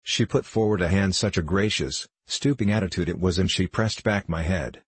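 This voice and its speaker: Deep, husky male audiobook narrator. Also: dry recording. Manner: measured, deliberate storytelling.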